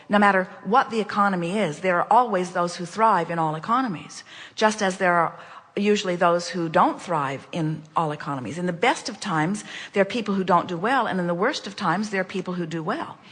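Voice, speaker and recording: A woman speaking in a measured, emphatic way, teaching about money and attraction as "we". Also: fairly low pitch, fairly bright tone, husky. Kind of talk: spoken teaching in conversation. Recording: long hall reverb.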